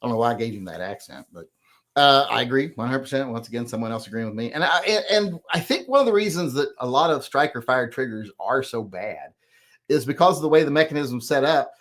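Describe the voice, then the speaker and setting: A man's voice: mid-range voice, animated, quick pace, fairly bright tone. Rambling middle-aged man reading comments. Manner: rambling, self-correcting, plain-spoken. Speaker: host. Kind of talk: casual chat reading viewer comments.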